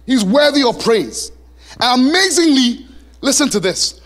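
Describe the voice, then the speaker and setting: A male pastor preaching a sermon in a church, animated and lively, now and then singing a line. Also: extremely high pitch, a little slow. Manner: animated preaching, sings song lyrics and plays voices.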